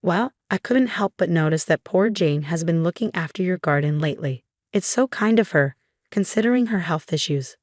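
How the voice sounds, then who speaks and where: Woman narrating as a nosy prim older neighbor, disapproving, low voice, dry sound. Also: animated, normal speed, a little mellow, dry recording, lightly acted.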